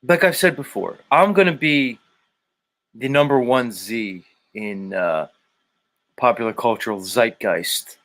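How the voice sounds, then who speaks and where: A man's voice: medium pitch, measured pace, fairly bright tone. A man hosting a casual livestream, reading viewer comments aloud, rambling and joking with profanity and humming to himself between comments. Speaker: livestream host.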